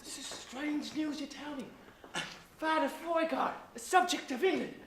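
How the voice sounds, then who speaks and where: A man's voice: very high voice, normal speed, fairly bright tone. A young man playing a sly Irish priest who pretends to be foreign, blustering and flustered on a school stage. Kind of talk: stage acting in a school play. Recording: echoey stage with faint hiss.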